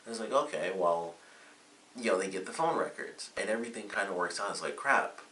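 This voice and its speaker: A man's voice: on the low side, expressive, brisk, bright, forceful tone, distant mic. A man giving a casual, rambling spoken review of a TV episode, full of fillers. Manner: rambling, chatty recap with many fillers. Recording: echoey room, away from mic, faint hiss.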